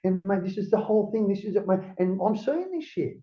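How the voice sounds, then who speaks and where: A man's voice: sits high, lively intonation, a little fast, dull audio. An Australian man, a guest in a casual interview, rambling and swearing freely, with "mate" in nearly every line.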